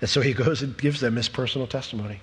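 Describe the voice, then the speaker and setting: A man preaching a sermon, retelling scripture accounts in an animated storytelling way and briefly acting out the people he quotes. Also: mid-range voice, fast, breathy edge, in a large hall. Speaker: pastor.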